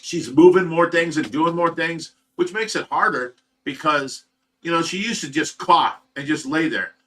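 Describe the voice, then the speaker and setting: A livestream host talks in a rambling, heartfelt way, sharing an emotional personal update. His voice sits a little high for a man and has a bright, forward edge. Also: moderate pace. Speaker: livestream host of a fish rescue. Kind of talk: casual livestream chat.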